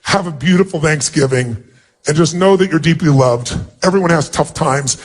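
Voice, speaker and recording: A man in his sixties, a motivational speaker telling an emotional personal story to an audience, shifting from hushed to raised delivery. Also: on the high side, normal speed.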